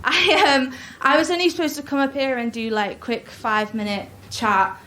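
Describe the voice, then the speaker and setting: A woman's voice: high-pitched, steady tone, normal speed. A woman comedian doing a sarcastic, mock-earnest satirical monologue on a live stage, laughing through her lines. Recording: echoey room, loud crowd and noise.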